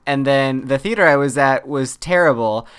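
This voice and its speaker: A man co-hosting a podcast, with a smooth, clear voice of middling pitch. He tells stories in a chatty way and acts out the lines he quotes. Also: normal speed, fairly bright tone. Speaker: podcast co-host. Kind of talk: casual chat.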